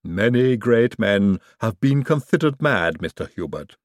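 A man reading a story aloud, voicing a solemn, matter-of-fact servant who speaks in a measured way. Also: on the low side, big pitch swings, no room sound, clean studio sound. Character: solemn servant with odd folk sayings.

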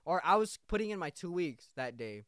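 A man's voice: on the high side, sing-song, fairly quick, fairly bright tone, no echo, clean studio sound. Profane ranting young man. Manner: rambling, profane, mocking. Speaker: podcast host. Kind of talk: casual profane rant.

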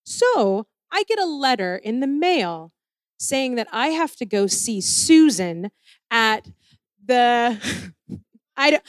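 Slow, higher-voiced woman storyteller. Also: clean tone, no echo, clean studio sound. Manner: animated, self-deprecating, acts out the people she quotes. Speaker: speaker sharing a personal testimony. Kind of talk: personal storytelling.

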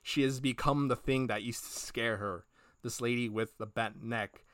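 A male podcast cohost talks through a story in a loose, rambling way, filling gaps with "like" and "uh" and acting out bits of dialogue. His voice sits at an ordinary middle pitch. The sound is close and dry, with no room around it. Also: normal speed, no echo. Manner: rambling, animated retelling with many fillers and acted quotes. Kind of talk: casual review chat.

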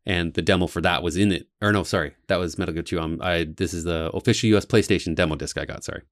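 A man co-hosting a casual podcast chat, telling excited stories about games he loved. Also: low voice, quick pace, dry recording. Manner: excitable, gushing storyteller. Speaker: podcast co-host.

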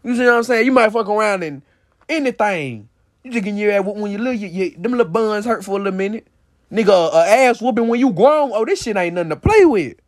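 A man's voice: high-pitched, expressive, fast talker. A young man hosting his own podcast, ranting bluntly and profanely, with "bro" and "you feel me" after nearly every point. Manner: heated, insistent. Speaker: podcast host. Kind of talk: casual solo podcast rant.

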